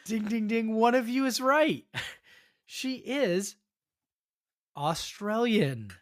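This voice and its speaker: A woman's voice: a little high, lively intonation, very slow. A woman hosting a podcast, running a quiz for her co-hosts in an upbeat, encouraging way. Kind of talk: casual podcast chat.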